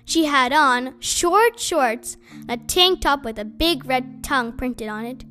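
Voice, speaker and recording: A woman reading a children's novel aloud in expressive first-person storybook narration. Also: high-pitched, a little slow, faint music behind. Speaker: audiobook reader.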